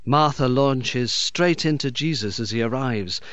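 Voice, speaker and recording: A man, a bishop, giving a calm, explanatory reflection on a Gospel reading. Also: mid-range voice, a little slow, dry recording. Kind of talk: sermon reflection. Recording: dull, dry, lo-fi recording.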